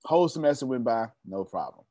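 Fast and mellow, with medium pitch and lively intonation, a young man leads a members' meeting as a motivational speaker. He tells stories emphatically and preachily, speaking right to his audience, in studio-quality sound with no echo.

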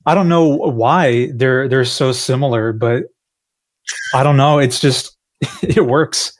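A man's voice: medium pitch, slow. A man, a game developer, chatting casually on a panel, rambling and self-deprecating, laughing often.

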